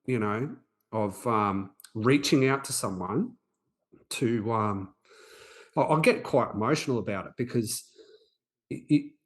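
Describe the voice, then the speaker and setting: A man's voice: on the low side, a little slow, pauses often. A man, hosting a podcast and telling a personal story in an earnest, reflective way with frequent restarts. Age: 40s. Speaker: podcast host.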